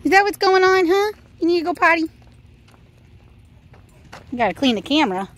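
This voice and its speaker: A woman's voice: extremely high pitch, big pitch swings, normal speed. A woman, filming a casual vlog as a pet sitter and talking to dogs in sing-song baby talk.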